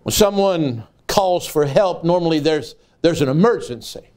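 Older evangelist man, higher-pitched preaching. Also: animated, normal speed. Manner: folksy storytelling that builds to loud preaching cries. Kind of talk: sermon.

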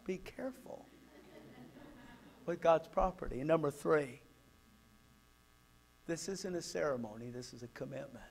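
A pastor with a Southern American accent, preaching at a child dedication, animated and acting out family stories. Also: male voice, vocal fry. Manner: animated, acts out quotes with pitch jumps; drops to a soft murmur when praying over the child.

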